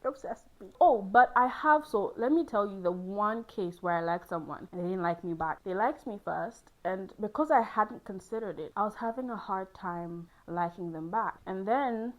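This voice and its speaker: A young woman chatting casually to camera as a host, lively and laughing often, jumping into high squealing exclaims. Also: moderate pace, few pauses, low-quality recording. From Ghana.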